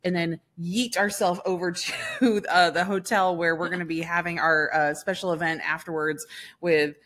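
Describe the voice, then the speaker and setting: A woman co-hosting a casual podcast, bubbly and excitable, rambling along in a playful put-on showy voice. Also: fairly low pitch, moderate pace. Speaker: podcast co-host. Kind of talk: casual chat.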